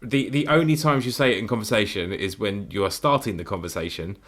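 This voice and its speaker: A man's voice: fairly low pitch, brisk, a bit bright. A man co-hosting a casual podcast, laughing a lot and riffing on jokes. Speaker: podcast co-host.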